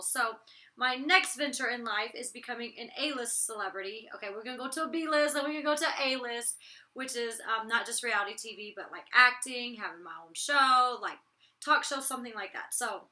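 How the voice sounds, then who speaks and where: Raspy young woman vlogging, kinda high voice, super bright and sharp, blunt and slangy. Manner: chatty, blunt, full of slang and mild cursing. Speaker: reality TV personality reviewing her episode. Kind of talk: casual vlog commentary.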